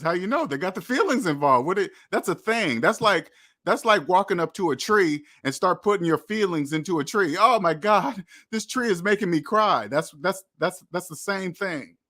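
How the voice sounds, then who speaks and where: A man with a fairly high, bright voice delivers a motivational money monologue. He lectures his viewers in a preachy, repetitive way. Now and then he acts out imagined quotes. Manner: preachy, repetitive, addresses viewers as debt slaves. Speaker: money channel host.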